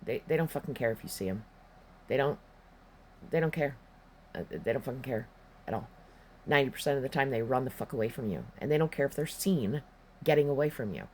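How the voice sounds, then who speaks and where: A man's voice: mid-range voice, expressive, a little fast, long pauses, a little hiss or hum. A man telling a personal story in a rambling, profane, emphatic way, with casual spoken delivery. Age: adult, past his teens.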